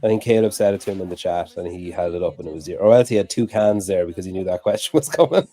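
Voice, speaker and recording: A man's voice: sits low, very fast, mellow, no echo. A man co-hosting a podcast, sarcastic and profane in casual chat. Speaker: podcast co-host. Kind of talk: casual chat watching a broadcast.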